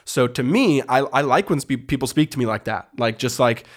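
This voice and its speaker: A man in his thirties with a middle-range voice, talking directly and plainly on a podcast. He is quick and matter-of-fact, often breaking off and restarting his sentences. The sound is a quiet studio room. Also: medium pitch. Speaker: podcast co-host. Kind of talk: casual conversation. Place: quiet room with cameras and lights.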